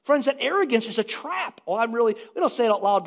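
A man's voice: high-pitched, lively intonation, quick pace, creaky, few pauses, breathy edge. A man preaching a sermon as a pastor, emphatic and repeating phrases for stress.

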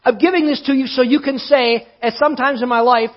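A pastor preaching a sermon, emphatic, often slowing down to stress his words. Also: extremely high pitch, steady tone, highs cut off.

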